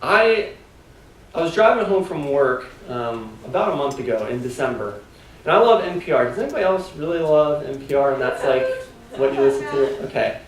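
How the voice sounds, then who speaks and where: A pastor delivers a conversational, filler-heavy sermon, peppered with "like" and "kinda," and keeps asking the congregation rhetorical questions. His mid-range voice is expressive and moves at normal speed. Recorded from a distance in an echoey church sanctuary, it carries slight background noise.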